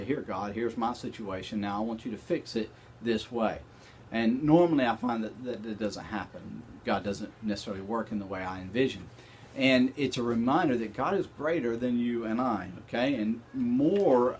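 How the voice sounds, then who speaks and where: A man's voice: medium pitch, a little hiss or hum. A male Bible study teacher talks through the lesson in a conversational way. He speaks right to his listeners and checks in with them, in a mid-range voice. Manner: conversational, addresses the class directly and checks in with them.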